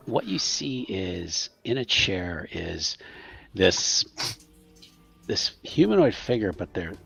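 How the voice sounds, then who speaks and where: A man narrating as game master for a tabletop game, pausing often with fillers. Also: lowish voice, gravelly, sharp tone, husky. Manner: halting, filler-heavy narration.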